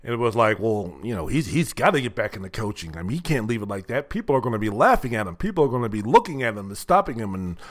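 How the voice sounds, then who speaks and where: A man's voice: on the low side, very animated, fast, hardly any pauses. An older man hosting a solo sports talk show, talking in a blunt, rambling, profane way with many fillers. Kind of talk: casual solo sports commentary.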